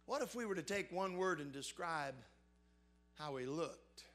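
A man, preaching a sermon and swinging between fervent, raised passages and hushed, earnest ones. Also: fairly high pitch, expressive, a little slow.

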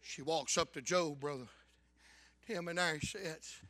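A man preaching a fervent revival sermon, bursting into loud shouts. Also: fairly high pitch, a little slow, no echo.

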